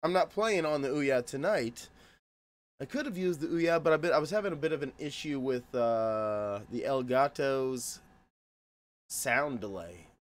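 A man's voice: mid-range voice, animated, unhurried. A man streaming games live, joking around and greeting his chat by name in a goofy way. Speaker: game streamer chatting with viewers.

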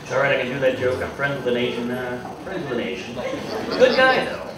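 Male stand-up comic, deadpan and self-deprecating, lively pitch, recorded from far off in an echoey club with loud crowd noise. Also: fast talker. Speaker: stand-up comedian. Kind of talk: stand-up comedy set. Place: comedy club with live audience.

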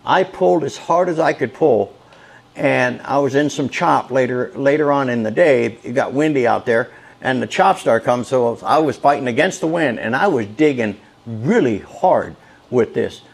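A man's voice: mid-range voice, normal speed, vocal fry, slightly rough. A man casually reviewing a kayak paddle outdoors, enthusiastic and folksy, repeating points for emphasis. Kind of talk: casual product review vlog. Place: outdoors on a lake, then a patio.

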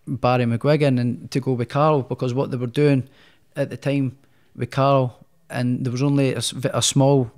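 A boxer on a podcast shares his story in a loose, chatty way, frequently starting sentences over. At a normal speed with hardly any pauses, his medium-pitched voice stays fairly level and sounds a little mellow.

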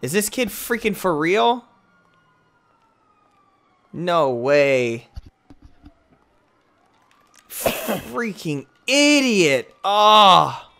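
A young man hosts a gaming channel, trash-talking other players in excitable live commentary that veers from muttering to yelling. His voice sits high and gravelly, with drawn-out words and frequent pauses.

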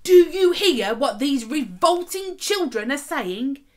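A woman's voice: high voice, sing-song, measured pace, voice pushed up. A woman voicing two pompous, stern male temple priests scolding children in a told story.

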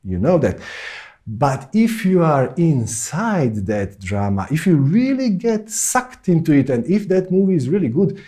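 A man teaching a spoken self-help course, talking slowly and deliberately, pausing often and rising into sudden emphasis. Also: medium pitch, warm tone. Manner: slow, deliberate, with long pauses and sudden emphatic rises.

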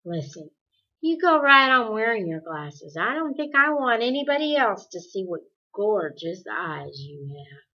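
A woman plays a calm, gentle teenage boy in a storybook reading, speaking quietly and a touch lower than her own voice. The tone is bright and breathy. The recording is dull and lo-fi. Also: unhurried, heavily acted. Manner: soft and gentle.

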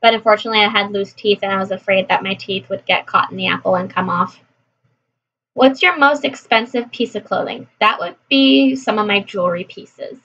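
A woman from California chatting casually through a list of questions, answering briskly with frequent laughs. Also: mid-range voice, fairly bright tone, dull audio. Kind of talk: casual chat.

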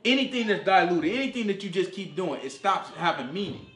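A man preaching an informal sermon in slangy, animated talk, acting out voices as he goes. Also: sits high, brisk. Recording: echoey room.

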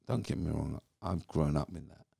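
A man's voice: a bass voice, normal speed, vocal fry, mellow, breathy edge, no echo, clean studio sound. A British man in his fifties, a former footballer, guest on a podcast, telling his story animatedly and acting out what people said. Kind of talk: storytelling interview.

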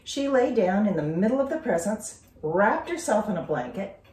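A woman teacher reading a children's story aloud with expressive, dramatic storytelling. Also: mid-range voice, moderate pace, a little hiss or hum. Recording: roomy, distant from mic.

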